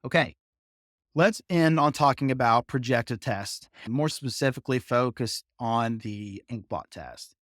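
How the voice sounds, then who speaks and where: A man's voice: medium pitch, measured pace, a bit bright, no room sound, studio quality. A man with a Southern American accent, teaching a psychology lecture in a conversational way with asides. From Southern United States. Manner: conversational, explains with asides and fillers. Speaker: psychology instructor. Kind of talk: recorded lecture over slides.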